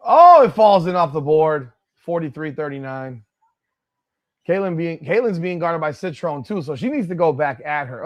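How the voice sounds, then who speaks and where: A man's voice: fairly high pitch, animated, normal speed. Blunt, profane male watch-party streamer. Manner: blunt and profane, breaks into exasperated outbursts. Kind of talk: live play-by-play watch-along commentary.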